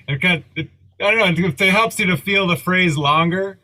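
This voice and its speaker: A man's voice: sits high, moderate pace, loud music behind the voice. A man in a group drum lesson on a video call, explaining a pattern by counting aloud and singing the rhythm in syllables. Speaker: drummer taking part in the lesson. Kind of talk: casual explanation.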